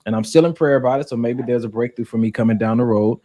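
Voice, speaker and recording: A man's voice: mid-range voice, fast talker, dark tone. A man in his thirties co-hosting a casual relationship podcast, speaking in an earnest, reflective way that picks up speed when he drives a point home. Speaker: podcast co-host.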